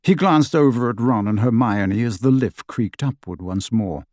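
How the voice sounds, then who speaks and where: A man narrating a fantasy novel as an audiobook, with expressive storytelling. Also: medium pitch, normal speed, dry recording, clean studio sound. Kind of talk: scripted narration.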